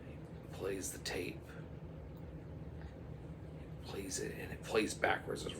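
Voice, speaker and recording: A man's voice: low-pitched, level tone, takes it slowly, noisy background. A man telling a rambling comic story, full of sound effects and put-on voices. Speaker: comedic storyteller.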